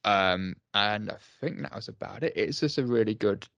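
A man's voice: fairly low pitch, animated, normal speed, vocal fry, fairly bright tone, no room sound, muffled recording. A man co-hosting a casual film podcast, offhand and agreeable, often giving brief replies. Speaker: podcast co-host.

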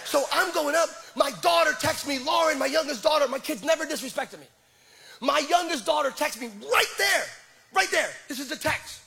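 A middle-aged male pastor preaching with animated, self-deprecating personal stories and frequent stammered restarts. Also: extremely high pitch, normal speed, vocal fry. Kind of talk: sermon with personal storytelling.

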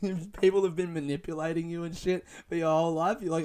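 A man's voice: a little high, flat delivery, quick pace, hardly any pauses, a little mellow, clean tone. A young man hosting a casual solo podcast, rambling with frequent swearing and laughing at his own jokes. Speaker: podcast host.

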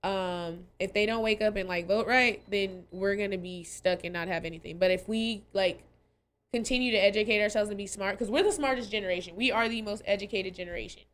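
A woman's voice: mid-range voice, brisk. A woman from California talking bluntly and with plenty of swearing, laughing easily in casual podcast chat. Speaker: podcast guest.

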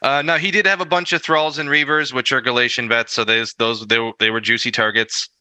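A man's voice: medium pitch, fairly even intonation, fairly quick, bright, forceful tone, no room sound. A man co-hosting a casual podcast about tabletop gaming, rambling with lots of fillers and self-deprecating chuckles. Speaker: podcast co-host.

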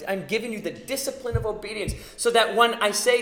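A middle-aged male pastor delivers a sermon, pressing hard on key words and building to loud peaks. His voice sits fairly high for a man. The sound carries long reverb, as in a roomy church hall. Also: expressive, fast, few pauses. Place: church sanctuary.

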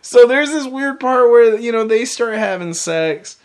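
A man's voice: very high voice, animated, unhurried. A man co-hosting a casual podcast chat about a movie, rambling with lots of fillers and the odd swear word.

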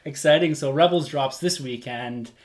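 Upbeat Canadian podcast host. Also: male voice, medium pitch, moderate pace. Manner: upbeat, announces show news. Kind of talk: casual podcast chat.

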